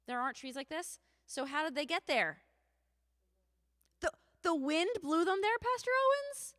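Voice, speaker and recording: A woman leads a children's sermon in a church sanctuary, telling the story slowly and drawing the children in with questions. Her voice is fairly high and swoops animatedly, with a long reverb hanging in the room. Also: fairly bright tone.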